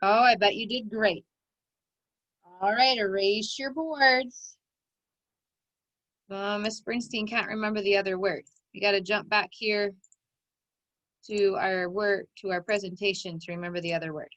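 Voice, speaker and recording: Bright upbeat woman teaching phonics. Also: medium pitch, fairly even intonation, a little slow, pauses often, no echo, low-quality recording. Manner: encouraging, step-by-step instruction to children. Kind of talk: recorded online phonics lesson.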